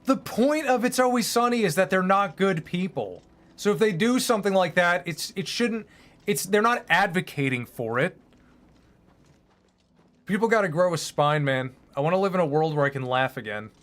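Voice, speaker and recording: A man's voice: sits high, expressive, normal speed, fairly bright tone. A man streaming, chatting casually in a rambling, opinionated, profane way. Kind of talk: casual chat while streaming.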